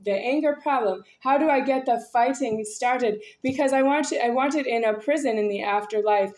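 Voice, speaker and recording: A woman talking in a rambling personal monologue. She speaks haltingly, with many fillers and restarts, and sounds intense and aggrieved. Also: fairly high pitch, a little mellow. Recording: echoey room.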